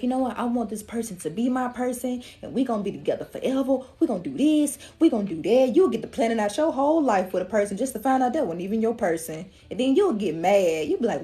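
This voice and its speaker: A woman, talking casually to her viewers during a collective reading and acting out their inner voices. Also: fairly high pitch. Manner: animated, slangy, acts out the viewer's inner voice. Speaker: tarot reader.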